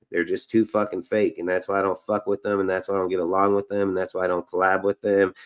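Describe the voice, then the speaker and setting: Blunt gravelly man ranting on a stream. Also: on the low side. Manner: blunt, swearing, heated and repetitive. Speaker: live stream host. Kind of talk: profane casual live-stream rant.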